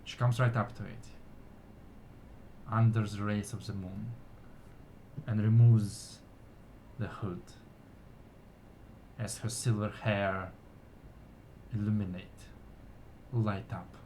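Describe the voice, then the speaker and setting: Male narrator for a fantasy story game: low voice, very unhurried, soft-spoken and deliberate delivery. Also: flat delivery, slight background noise. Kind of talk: slow descriptive fantasy narration.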